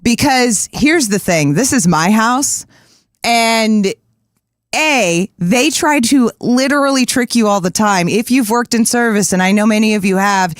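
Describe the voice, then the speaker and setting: A woman's voice: a little high, animated, a little slow, no echo, clean studio sound. A woman co-hosting a podcast in casual chat, candid and blunt, swearing now and then. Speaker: podcast co-host.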